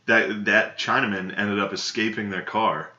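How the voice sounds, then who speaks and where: A man's voice: lowish voice, fairly even intonation, normal speed, pushed and bright. A male podcast co-host telling a story in crude, rambling, casual comedic chat. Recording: tinny echoey laptop recording.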